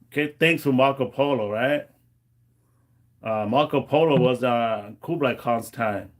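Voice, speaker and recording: Male livestream host. Unhurried, rambling delivery, medium pitch. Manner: rambling storytelling with many fillers. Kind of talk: casual livestream chat.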